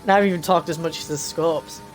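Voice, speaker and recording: A man's voice: a little high, fairly even intonation, quick pace, faint music behind. A man hosting a casual podcast, joking and laughing often while he drives a practice lap, his throat a little dry. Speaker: podcast host. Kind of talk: casual banter while sim racing.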